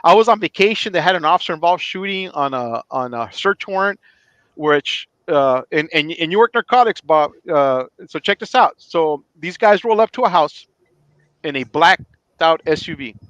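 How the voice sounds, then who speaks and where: A man's voice: on the high side, moderate pace, no room sound, muffled recording. A middle-aged man, a retired police chief, telling a story in a casual podcast chat and acting out the dialogue. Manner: animated, acts out quoted dialogue.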